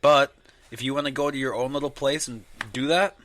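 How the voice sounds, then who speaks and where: A young man chatting on a casual podcast with a bright, forward voice. He swears constantly and ranges widely in tone. He often breaks into exaggerated mocking impressions of other people. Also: mid-range voice, steady tone, fairly quick. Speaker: podcast co-host.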